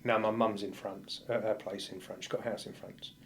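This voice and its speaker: A fairly low, slightly bright voice with vocal fry and little pitch movement belongs to a male firefighter guesting on a podcast. Talking a little fast, he bluntly and vividly tells a painful personal story, acting out the dialogue, over a little hiss or hum.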